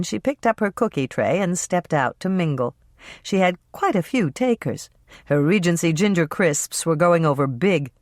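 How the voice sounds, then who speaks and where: An audiobook narrator reading a cozy mystery in a wry, measured storytelling manner. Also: medium pitch, no room sound, clean studio sound.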